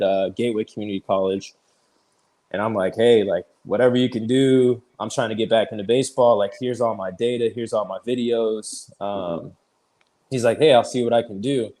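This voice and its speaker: A man in his thirties, a pitcher guest on an interview show, telling his story casually, peppered with "like" and easy laughs. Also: a little mellow. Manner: chatty, fills speech with "like", retells conversations; laughs easily while telling stories.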